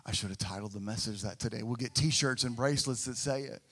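Delivering a sermon, this male pastor moves from soft, hushed moments to loud, forceful stretches, voicing the people he quotes. He speaks quickly in a mid-range voice with a breathy edge.

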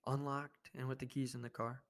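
A young man hosting a podcast tells a rambling, profane story in a relaxed, casual monologue. His voice is mid-range and flat, and his pace is a little fast.

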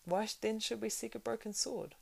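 A woman's voice: fairly high pitch, brisk, creaky, breathy edge, voice pushed up, heavily acted. A woman reading a proud, doubtful warrior. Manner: proud, questioning.

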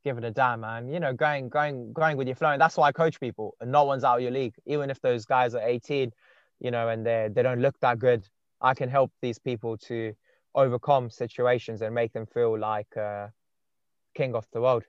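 A man's voice: mid-range voice, fairly even intonation, normal speed, clean tone, no room sound. A young man telling laid-back stories on a casual podcast, full of fillers. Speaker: podcast host and dating coach. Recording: dull muffled podcast sound.

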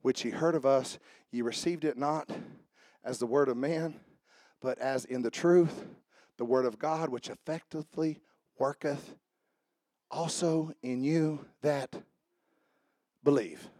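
A male pastor preaching a sermon to his church, swinging between shouted emphasis and low conversational asides. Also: slow, long pauses, dry recording, studio quality. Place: church sanctuary.

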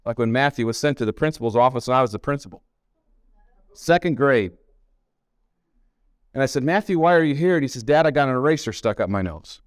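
At a camp meeting hall, a middle-aged pastor delivers a sermon of folksy family stories, repeating points emphatically. His mid-range voice is clear, resonant and animated, a little fast yet broken by long pauses. No echo; clean studio sound.

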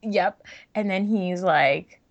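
A young woman co-hosts a podcast, chatting casually, giggling and using lots of fillers. She has a mid-range voice and speaks slowly, and the sound is lo-fi.

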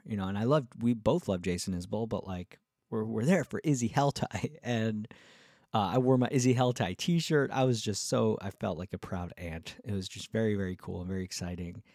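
A male musician vlogger telling a casual story in a rambling, excitable way, full of fillers and restarts. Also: fairly low pitch, dry recording, clean studio sound.

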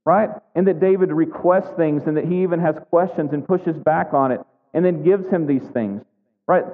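A man's voice: fairly high pitch, normal speed. Preacher man in an echoey hall. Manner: conversational, animated storytelling with frequent "right?". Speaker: pastor. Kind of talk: sermon. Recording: echoey hall, thin phone-like sound.

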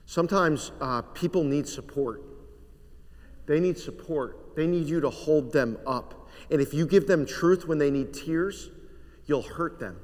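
Man preaching with a long hall echo. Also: on the high side. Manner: earnest preaching, slows and softens to a hush on solemn lines. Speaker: pastor. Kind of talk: sermon.

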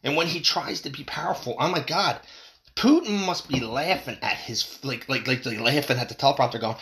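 Profane ranting man, bright voice. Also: a little fast. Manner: profane, ranting, swings in pitch for emphasis. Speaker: political commentator. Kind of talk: angry political rant.

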